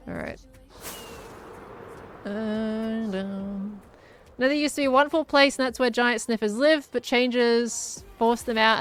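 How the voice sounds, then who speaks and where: A woman's voice: fairly high pitch, bright, forceful tone. A woman chatting casually and giggling as she thinks aloud while playing a game. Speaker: gaming streamer.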